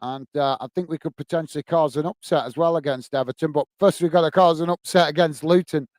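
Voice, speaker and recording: A man's voice: on the high side, steady tone, fast, a little mellow, no room sound. A man hosting a live football watch-along, chatting casually, reading out viewer comments and thanking them by name, easily frustrated. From England. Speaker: football channel host.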